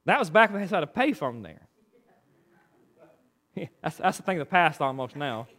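A male preacher, delivering a sermon in a folksy storytelling way, moving between loud preaching and quiet asides. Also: fairly high pitch, big pitch swings, moderate pace.

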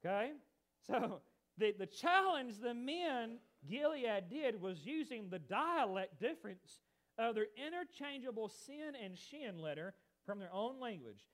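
With a sing-song, slightly bright high voice and a measured pace, an American preacher swings his pitch up and down for emphasis. He's animated, stressing key points and turning aside to chat with the congregation.

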